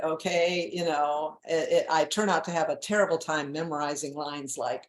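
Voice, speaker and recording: A woman in her seventies talks as an interview guest, candid and self-mocking, with frequent laughs. Her voice sits a bit low. The room around her is echoey. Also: unhurried. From New England. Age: 70s. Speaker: guest author. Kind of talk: casual interview chat.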